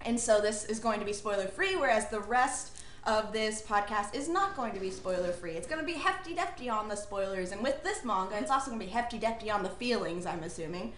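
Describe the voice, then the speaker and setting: A woman's voice: mid-range voice, animated, brisk, fairly bright tone, reverberant, slight background noise. Bubbly giggly woman hosting a podcast. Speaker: podcast host. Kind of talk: casual podcast chat. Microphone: video call.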